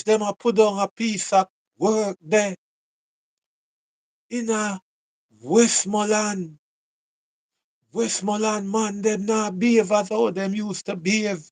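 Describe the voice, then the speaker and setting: A man's voice: high voice, a little mellow. A man with a Jamaican accent giving a casual, repetitive commentary monologue, full of rhetorical questions.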